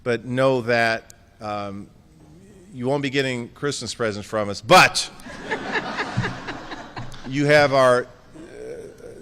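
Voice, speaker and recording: A man's voice: mid-range voice, big pitch swings, very slow, pauses often, fairly bright tone, in a large hall, a little hiss or hum. A man giving a concession speech as outgoing mayor. He jokes and thanks people by name with affection.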